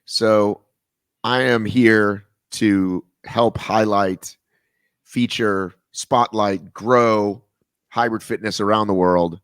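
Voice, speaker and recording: A man hosts a relaxed chat, joking and wandering off on tangents. His voice sits fairly low, and the sound is dry and close. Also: slow, smooth, dry recording. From American South. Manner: rambling, jokey, goes off on tangents. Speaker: podcast host. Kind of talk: casual video-call interview.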